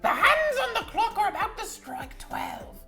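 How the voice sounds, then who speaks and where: A piercingly high, gravelly old witch-gremlin voice, put on by a man in a teasing impression. It crackles with creak and swings wildly in pitch as it reads out a recipe blurb. The delivery is exaggerated and mocking. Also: huge pitch swings, normal speed, bright, forceful tone, faint music behind, full character voice. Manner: mock impression of the host reading aloud. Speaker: guest.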